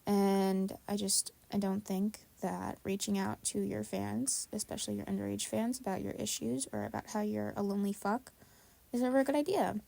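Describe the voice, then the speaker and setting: A woman's voice: medium pitch, steady tone, moderate pace, creaky, mellow. A young woman co-hosting a podcast, talking in a blunt, profane, ranting way during casual chat. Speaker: podcast co-host.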